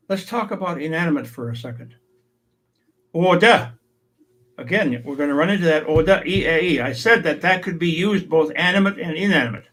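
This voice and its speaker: A man's voice: high voice, a bit bright. A man teaching a language lesson, saying each word and then its meaning, with light humor. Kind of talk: slow explanatory language lesson.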